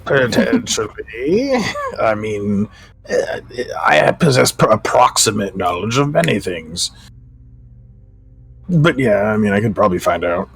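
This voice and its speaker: A man voicing a laid-back, know-it-all male hacker character in a low, offhand drawl. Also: very animated, measured pace, vocal fry, fairly bright tone, breathy edge, heavily acted, poor audio.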